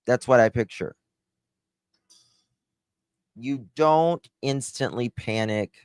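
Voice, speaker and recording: A man's voice: mid-range voice, takes it slowly, smooth, dry recording, clean studio sound. A middle-aged man giving casual true-crime commentary to a live chat, blunt and sarcastic, brushing off claims he finds weak.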